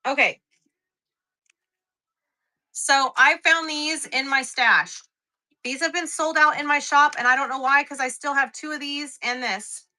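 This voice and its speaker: A woman's voice: high-pitched, a little slow, long pauses, sharp tone. A young woman, chatting casually and laughing at herself while selling quilting supplies on a live stream. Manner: chatty, self-mocking, laughs often. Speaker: live shopping seller.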